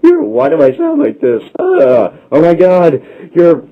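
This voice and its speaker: A frantic old male hare pilot in a shrill, panicky squeal, as a man puts him on. The voice jumps far above the speaker's own. It comes through a dull, lo-fi recording. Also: wildly swooping pitch, unhurried, gravelly, exaggerated voice. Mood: panicked.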